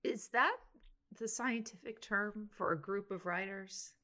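Woman co-host, bright voice, jokey sidekick energy. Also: mid-range voice, unhurried. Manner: wry, jokey interjections. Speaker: podcast co-host. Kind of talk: casual comedic chat.

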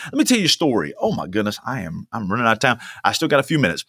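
A man's voice: mid-range voice, huge pitch swings, racing, gravelly, fairly bright tone, breathy edge, no echo, clean studio sound. A young man preaching a sermon as a pastor, emphatic and fond of repeating lines for stress. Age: young adult.

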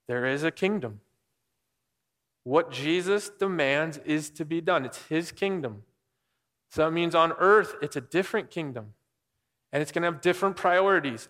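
A man's voice: a little high, fairly bright tone. A man preaching a conversational sermon, explaining scripture and asking the listeners questions. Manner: conversational, asks the room questions. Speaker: pastor. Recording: long hall reverb.

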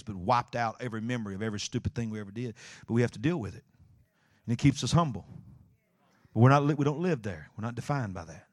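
A male pastor preaching a sermon, telling a story with dramatic swings from hushed to shouting. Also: on the low side, dry recording, studio quality. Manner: animated storytelling, acting out scenes, swinging from quiet to shouting.

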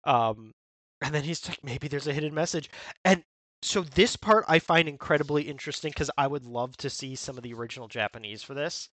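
A man's voice: medium pitch, fairly quick, no room sound. A man co-hosting a podcast, chatting casually and acting out quoted lines in playful voices. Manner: animated, acts out lines in character voices. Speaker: podcast co-host. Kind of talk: casual chat.

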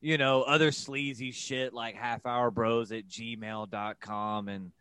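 A man's voice: mid-range voice, fairly even intonation, takes it slowly, a bit bright, smooth, no room sound. A young man guesting on a podcast, joking and self-mocking in casual chat.

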